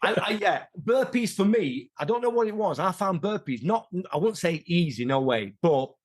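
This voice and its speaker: A man, an interview guest telling rambling, animated stories in casual chat. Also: high-pitched, normal speed. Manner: animated, rambling, many restarts.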